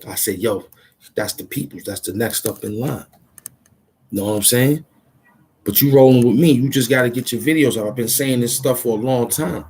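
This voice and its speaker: Swaggering profane New rapper. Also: male voice, normal speed, husky. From Harlem, New York. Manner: swaggering, profane, swings from loud shouts to low mutters. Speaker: rapper and vlogger. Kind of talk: freestyle rap and street talk to camera. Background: loud music.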